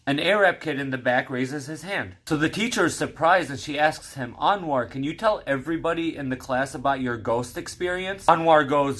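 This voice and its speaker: A man telling a dirty joke in a casual way, slowing down for each question. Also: fairly high pitch, a bit bright. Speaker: joke teller.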